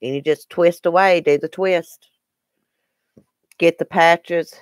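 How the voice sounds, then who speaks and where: A woman's voice: lowish voice, steady tone, slow pace, dry recording. Chatty Southern American woman, dry sound. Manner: chatty, answering viewer comments by name. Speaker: live-stream host. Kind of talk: casual live-stream chat.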